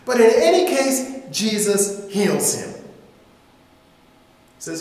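Animated pastor in an echoing church. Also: male voice, high voice, slow pace, pauses often. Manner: animated storytelling, acting out voices. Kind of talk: sermon. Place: church sanctuary. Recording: echoey hall reverb.

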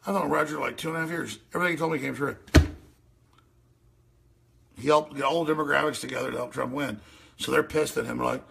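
Gravelly ranting male radio host. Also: mid-range voice, fast, pauses often, a little hiss or hum. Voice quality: gravelly, raspy. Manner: excitable, yelling, mocking impressions. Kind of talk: ranting commentary over clips.

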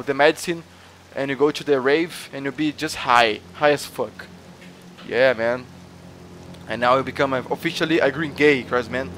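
A man's voice: medium pitch, slight background noise. A man with a Brazilian Portuguese accent, hosting a gaming video and playing a mock cop who teases and repeats himself. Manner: loud, teasing, repeats phrases, mixes in Portuguese. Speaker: gaming channel host. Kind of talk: playful in-game role-play, mock interrogation.

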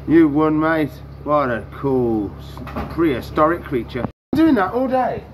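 A man's voice: on the high side, very animated, measured pace, slight background noise. A man hosting a reptile-feeding vlog, chatting away and coaxing the animals in a sing-song voice. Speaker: reptile keeper and channel host. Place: indoors among reptile tanks.

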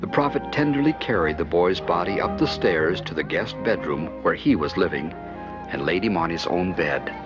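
A man giving scripted narration of a children's Bible story, expressive and animated. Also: sits low, moderate pace. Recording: dull lo-fi with music behind.

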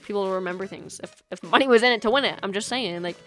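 A young woman rambles through casual stream chat in a medium voice, giggling often and filling gaps with "like" as she plays. She talks into a USB microphone at home, with soft lofi music underneath. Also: medium pitch, fast talker. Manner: chatty and giggly, lots of "like" fillers. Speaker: game streamer.

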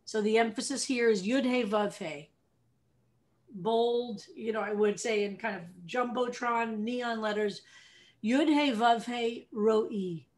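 An American woman rabbi teaching a text study class, explaining lively and asking her students questions. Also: on the high side, a little slow.

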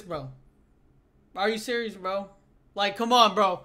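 His high voice is unhurried and broken by frequent pauses as the young gaming YouTuber casually plays through a horror game. He gets excited and jumpy, addresses everyone as "bro," and yells when startled.

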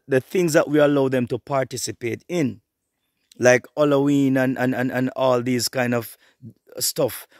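A middle-aged man preaching an online sermon, fervent and repetitive, swinging between hushed and rising passages. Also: medium pitch, no room sound, clean studio sound.

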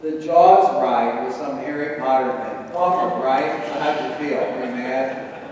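A man's voice: mid-range voice, a little slow, darkish tone, a little hiss or hum. A man giving a playful children's message in church, chatting and asking the kids questions. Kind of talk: children's sermon. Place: church sanctuary. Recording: echoey church hall from far off.

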